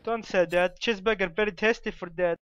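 A man with a high-pitched, fairly bright voice talks briskly with fairly even intonation in casual game voice chat. His English is broken, he tacks a stock phrase onto his sentences, and he trades playful insults, all over slightly dull audio with faint noise.

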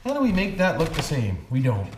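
Brisk, a little high, and full of huge pitch swings, this Canadian hobby-channel host narrates casually as he tinkers with a toy truck. He jokes in a folksy way, repeating "boys" and "why wouldn't we," in an echoey space with background noise.

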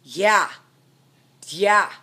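A middle-aged American woman venting furiously to camera, swearing constantly and swinging between loud outbursts and low, seething mutters. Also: animated, very slow, slightly rough. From United States. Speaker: vlogger, trucker's wife. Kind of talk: angry venting rant to camera.

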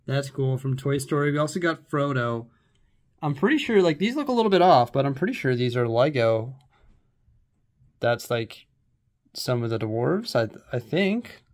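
A man's voice: medium pitch, lively intonation, moderate pace. A man vlogging at home, talking casually and rambling with lots of fillers as he sorts and shows his things. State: out of breath. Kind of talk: casual vlog chat. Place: house, rooms and stairs.

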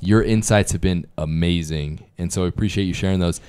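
Enthusiastic man with a very deep smooth voice. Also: fairly quick, a little mellow. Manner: enthusiastic, casual slang. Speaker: podcast host. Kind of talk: casual podcast chat.

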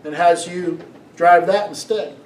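A middle-aged male pastor preaches with a fairly high voice, lively and full of stories. He often turns to the congregation with questions. He is recorded from a distance in an echoey sanctuary, with a faint hiss behind him. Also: a little slow. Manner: storytelling, animated, asks the congregation questions. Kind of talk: sermon. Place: church sanctuary. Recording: echoey room, mic from a distance.

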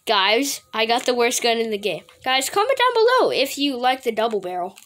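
A woman with a high voice gives excitable gameplay commentary, her pitch leaping up and down as she reacts. She draws her words out at an unhurried pace, laughs often and trash-talks her friends playfully. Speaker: gaming video host.

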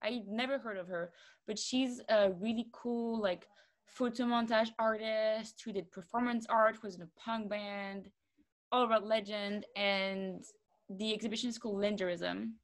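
A woman's voice: mid-range voice, steady tone, moderate pace. Chatty young woman from Luxembourg. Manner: chatty, loose, trailing fillers. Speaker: quiz round host. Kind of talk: casual online quiz chat.

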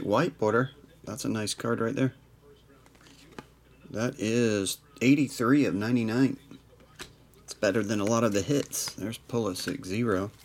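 With slight background noise behind him, a medium-pitched man runs a live card break. He takes his time calling out players and numbers, adding deadpan asides.

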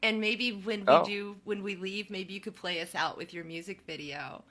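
A middle-aged woman from Ohio hosting a casual conversation, lively and teasing. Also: mid-range voice, moderate pace. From Ohio, United States. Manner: lively, laughs often, teasing. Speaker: host.

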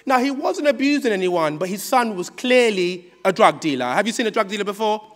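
A man preaching a sermon in a church, telling a children's story with animated call-and-response. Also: high-pitched, fairly quick. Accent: British. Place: church hall. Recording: church hall reverb.

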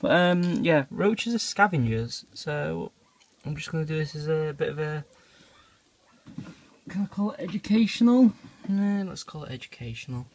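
A man's voice: on the high side, animated, normal speed, a little hiss or hum. A man filming a casual phone vlog about his insect collection, squeamish and swearing as he freaks out. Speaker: reptile keeper vlogger. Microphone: phone camera.

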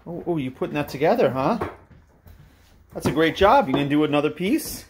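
A man hosting a family vlog at home, talking in an animated, encouraging way and praising his son. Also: a little high, brisk, background noise. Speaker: family vlog host and father. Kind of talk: casual family chat.

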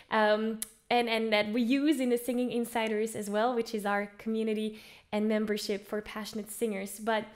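A woman teaching an online singing lesson, explaining things in an upbeat way and demonstrating with her own voice. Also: on the high side. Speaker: vocal coach.

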